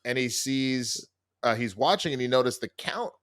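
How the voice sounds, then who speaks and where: Animated man retelling a TV episode. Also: medium pitch, moderate pace. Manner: animated retelling with quoted character lines and laughs. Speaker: TV critic. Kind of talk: casual recap chat.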